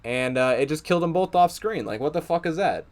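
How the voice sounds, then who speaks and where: A man's voice: a little high, animated, fairly quick. Young man ranting, heavy swearing. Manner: profane, exasperated ranting with many fillers. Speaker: TV show reviewer. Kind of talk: casual spoken review.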